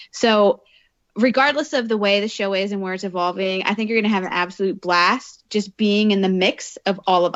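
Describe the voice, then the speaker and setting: A woman co-hosting a podcast in casual chat, bubbly and quick, often repeating words as she gets going. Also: mid-range voice, highs cut off. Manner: bubbly, fast-talking, repeats words when excited. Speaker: podcast co-host.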